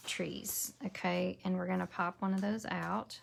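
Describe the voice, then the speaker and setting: A gravelly-voiced woman talks slowly through a papercraft demo, thinking aloud as she works. A faint hiss sits under the recording. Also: medium pitch, steady tone. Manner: chatty, thinks aloud while working, drops to a whisper while concentrating. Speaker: papercraft demonstrator. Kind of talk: casual crafting tutorial.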